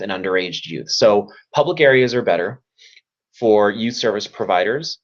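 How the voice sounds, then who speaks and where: A man's voice: lowish voice, a bit bright, lo-fi sound. A man who works as a youth service provider, giving a webinar talk in an earnest, repetitive way and offering practical tips. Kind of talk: webinar presentation.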